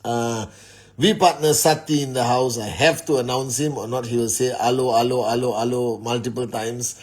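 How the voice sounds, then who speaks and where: A man's voice: mid-range voice, fairly even intonation, normal speed. A middle-aged man hosting a casual livestream from home at night, greeting viewers by name in many languages. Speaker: live stream host.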